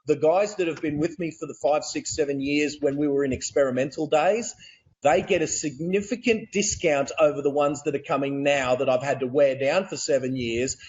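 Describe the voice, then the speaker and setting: A man with an Australian accent, a real estate coach telling stories as a guest on a video call, energetic and laughing as he goes. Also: on the high side, normal speed, highs cut off. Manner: energetic, laughing, repeats words. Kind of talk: animated storytelling.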